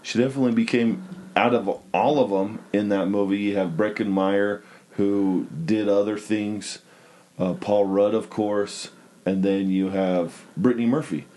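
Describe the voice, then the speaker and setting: Low, mellow-voiced man chatting. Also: unhurried. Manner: relaxed, rambling, many fillers. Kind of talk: casual movie discussion.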